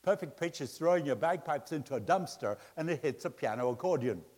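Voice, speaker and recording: Middle-aged preacher in a reverberant hall. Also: male voice, fairly high pitch, brisk. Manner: joke-telling, swings from loud laughing excitement to quiet earnest appeals. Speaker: pastor. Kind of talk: sermon with humorous storytelling. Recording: long reverb of a large hall.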